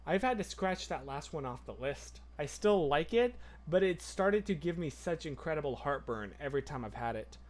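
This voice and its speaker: Chatty excitable man on a livestream. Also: on the high side, moderate pace, hardly any pauses, a little hiss or hum. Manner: chatty and excitable, rambling between tangents. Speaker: livestream host. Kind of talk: casual livestream chat, answering viewer comments.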